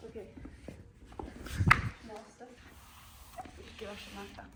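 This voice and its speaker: A woman's voice: mid-range voice, little pitch movement, slow, distant mic. A woman trading light, joking banter with a friend outdoors. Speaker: friend and gym partner. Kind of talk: casual chat. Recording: noisy outdoor recording.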